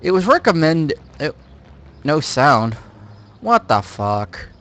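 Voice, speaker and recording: A man's voice: fairly high pitch, big pitch swings, takes it slowly, a bit bright. A man streaming a game live, chatting casually in a rambling, jokey way and swearing freely. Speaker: livestreamer.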